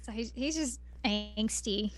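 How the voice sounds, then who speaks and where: A woman's voice: on the high side, takes it slowly, no echo. A woman co-hosting a casual podcast, chatty with wry quips. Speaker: podcast co-host. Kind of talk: casual chat.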